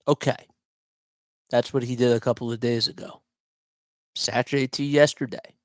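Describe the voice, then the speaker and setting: A man hosting his own sports talk show in a loose, chatty way, wandering off track and picking his thoughts back up mid-sentence. His voice sits at an everyday middle pitch. The sound is dry and close, with almost no room echo. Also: fairly even intonation, measured pace, pauses often. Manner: rambling, chatty, often restarts and digresses. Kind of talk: casual solo sports commentary.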